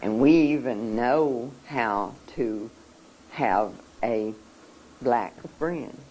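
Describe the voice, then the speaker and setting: An adult giving an emotional talk at a seminar, speaking earnestly in a halting way, with many pauses and repeated words. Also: mid-range voice, a little mellow, slight background noise, low-quality recording.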